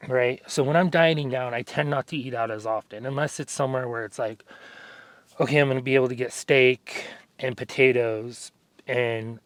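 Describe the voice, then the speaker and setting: A man's voice: medium pitch, fairly even intonation, normal speed, dry recording. A man vlogging casually during an arm workout, telling stories in a rambling way, full of fillers. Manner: rambling, filler-heavy storytelling. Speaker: fitness vlogger.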